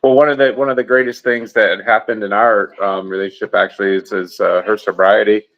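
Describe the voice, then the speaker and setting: A man co-hosting a podcast, talking in a halting, reflective way. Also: lowish voice, steady tone, dull audio. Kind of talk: casual chat.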